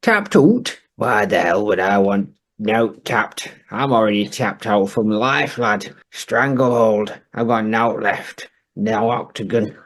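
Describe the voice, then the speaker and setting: A man's voice: lowish voice, fairly even intonation, slow pace, hardly any pauses, a bit bright. A man voicing a grumpy old man who curses and grumbles at a phone game. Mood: scornful. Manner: gruff, cursing, grumbling rants. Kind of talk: comedy podcast sketch.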